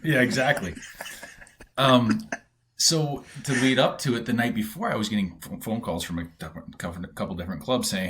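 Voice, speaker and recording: A middle-aged man from Canada with a very low voice spins relaxed stories as a podcast guest. He talks casually, full of fillers, and acts out the quoted voices of others. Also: fairly quick. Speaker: guest, former pro baseball player. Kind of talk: casual storytelling.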